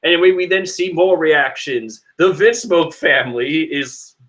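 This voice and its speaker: Vlogger man, higher-pitched voice, excitable rambling comic commentary, quick laughs. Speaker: manga reaction vlogger. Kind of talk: casual comic reading commentary.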